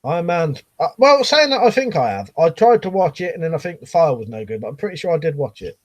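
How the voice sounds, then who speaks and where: Middle-aged male streamer, loose rambling chat with casual swearing, fairly high voice. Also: sing-song, fast talker. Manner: rambling, swears casually, reads comments aloud.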